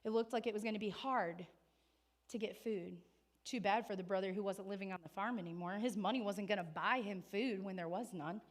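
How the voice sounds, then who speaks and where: A woman pastor giving a sermon who retells the story earnestly, often in a quiet, low-key voice. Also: a little fast.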